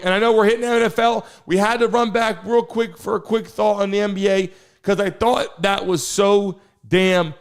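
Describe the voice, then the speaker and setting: A high-pitched man hosting a live sports news stream. He talks in a loose, excitable way and keeps tossing rhetorical questions to his viewers. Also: normal speed, gravelly, smooth. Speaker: host.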